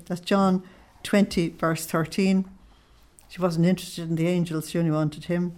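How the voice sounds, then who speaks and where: Her voice a little mellow and on the low side, a middle-aged woman speaking on Christian mysticism talks informally to a group at normal speed and a steady tone. She reads quotes aloud feelingly and laughs often.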